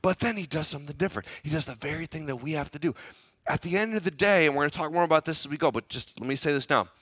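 A man's voice: fairly high pitch, very fast, a bit bright, breathy edge. A man preaching a sermon as pastor, dramatically acting out the inner thoughts of a biblical figure and asking the congregation to repeat lines back. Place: church.

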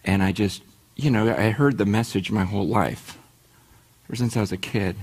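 A middle-aged man preaching a sermon as a pastor, swinging from hushed to urgent and asking the congregation rhetorical questions. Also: on the low side, normal speed, breathy edge.

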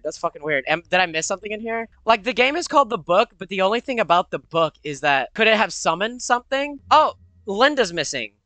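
A man's voice: sits high, pushed and bright, no echo. A young man commenting on his own horror game play, jumpy and profane, with nervous laughter and sudden yelps. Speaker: gamer.

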